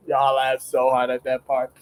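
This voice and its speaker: A warm, mid-range voice belongs to a young man streaming late at night from his home studio, captured on a low-quality recording. He chats casually while drawing, laughs often, rambles with many restarts, and leans on slang.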